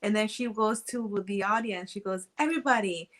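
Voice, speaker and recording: A woman's voice: medium pitch, fairly even intonation, moderate pace. A woman co-hosting a casual show, speaking hesitantly with many ums as she tells an anecdote. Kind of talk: casual talk show chat.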